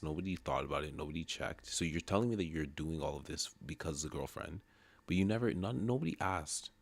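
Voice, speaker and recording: Very deep, gravelly, husky man. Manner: laid-back slangy interjections, agreeing. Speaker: streamer co-host. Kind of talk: casual livestream chat.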